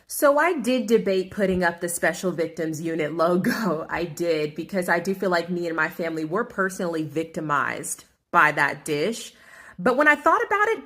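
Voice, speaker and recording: A woman's voice: medium pitch, fairly bright tone. A woman food vlogger telling a dramatic, exaggerated comic story in a restaurant review rant.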